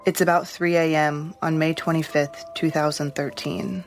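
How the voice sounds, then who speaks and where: A woman reporter giving scripted narration for a podcast in an even, measured way. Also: low-pitched, faint music behind.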